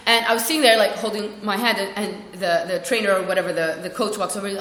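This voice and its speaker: A young woman rambling through a funny work story, self-mocking and jumping into squeaky voices for quotes. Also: quick pace, hardly any pauses, a bit bright. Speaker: vlogger. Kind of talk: casual storytelling vlog. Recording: echoey room with long reverb.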